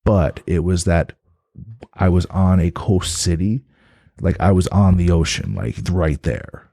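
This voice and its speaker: A man's voice: deep voice, steady tone, unhurried, vocal fry, dark tone, dry recording, studio quality. A man from New Jersey telling a rambling story as a guest in casual chat, swearing freely. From New Jersey, USA.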